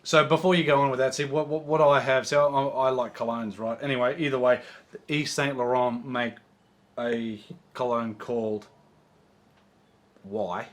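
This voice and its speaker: A man's voice: mid-range voice, little pitch movement, normal speed. A man with an Australian accent, co-hosting a casual golf chat, reading out viewer questions and teasing his friend. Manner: joking, teasing banter.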